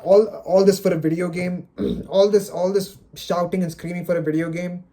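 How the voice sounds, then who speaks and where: A man with a high, steady, dark-toned voice talks at normal speed, ranting on camera with no script. This video creator's solo rant carries dejection and frustration, with exasperated sighs and stammering repetitions.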